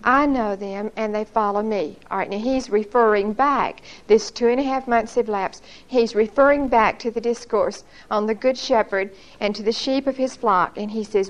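A middle-aged woman leads a Bible study lesson in a church. Her voice sits a little high, and she explains each point earnestly. She keeps asking her listeners to recall what they studied before. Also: moderate pace, few pauses, poor audio.

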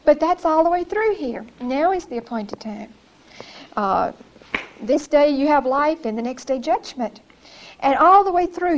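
A woman's voice: high-pitched, rough recording. A woman giving an informal Bible study in a church, earnest and conversational, often repeating her phrases.

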